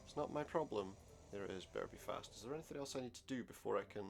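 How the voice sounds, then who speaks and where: A man's voice: fairly low pitch, animated, racing, vocal fry, a little hiss or hum. A man playing through an adventure game, commenting wryly and reading the dialogue aloud. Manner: wry, sarcastic asides. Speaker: let's play gamer.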